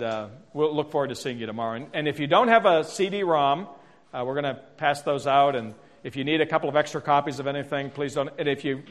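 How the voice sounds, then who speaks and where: A middle-aged man presenting a workshop, telling stories in a self-deprecating way, with frequent restarts. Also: fairly high pitch. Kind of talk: storytelling conference talk. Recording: reverberant lecture hall.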